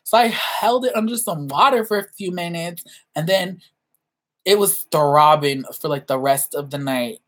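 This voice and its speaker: A young woman vlogger telling stories in a casual, animated way, acting out quoted voices with big jumps in pitch and laughing often. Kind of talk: casual storytelling chat.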